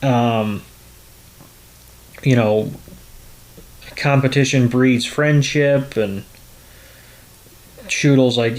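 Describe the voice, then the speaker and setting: A man's voice: medium pitch, steady tone, very slow, long pauses. Rambling man recapping an episode. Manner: rambling, filler-heavy. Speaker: podcast host.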